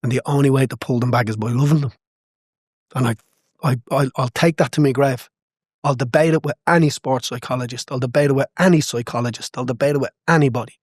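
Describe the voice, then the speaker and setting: A man's voice: medium pitch, steady tone, fast, a little mellow, breathy edge, no echo, clean studio sound. A man, a boxing coach, talking as a guest in a podcast interview, passionate and emphatic, repeating phrases to drive home his point.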